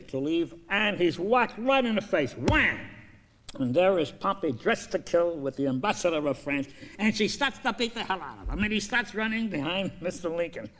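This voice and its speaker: Male filmmaker pitching a story; energetic, profane, acts out scenes. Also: slight background noise.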